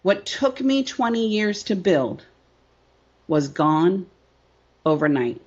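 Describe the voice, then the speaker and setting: A woman's voice: lowish voice, very animated, slow, a little mellow. Woman, middle-aged, business coach, emphatic, keeps saying right, muffled lo-fi sound. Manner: emphatic, repetitive, rhetorical "right?". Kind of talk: candid interview storytelling.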